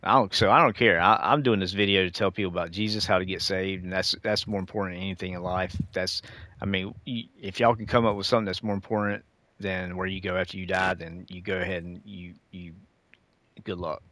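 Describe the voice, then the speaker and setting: A middle-aged man with a very low voice delivers a preachy, lecturing rant to his viewers. He keeps calling them dude and y'all, and the recording sounds close and dry. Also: steady tone, brisk, bright, forceful tone, dry recording. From United States. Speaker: gaming streamer. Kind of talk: casual ranting monologue.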